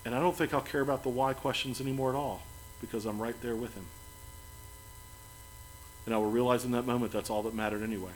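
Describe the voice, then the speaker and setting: A man preaching a sermon as pastor, earnest, building to emphatic lines and then dropping soft and quiet. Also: medium pitch, fairly even intonation, fast talker, pauses often, slight background noise, poor audio.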